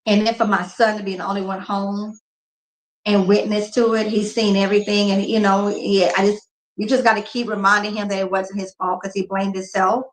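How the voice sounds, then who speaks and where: Grieving and subdued, a couponing vlogger in her forties talks openly and emotionally with her viewers during a casual live chat. Her medium-pitched voice stays level and fairly quick, with a little hiss or hum in the echoey room.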